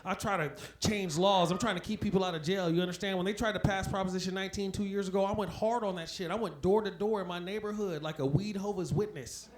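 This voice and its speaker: A man's voice: high-pitched, fast, few pauses. A man doing a stand-up comedy set on a club stage, with loose, laughing, punchy banter toward the crowd. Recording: noisy live club recording.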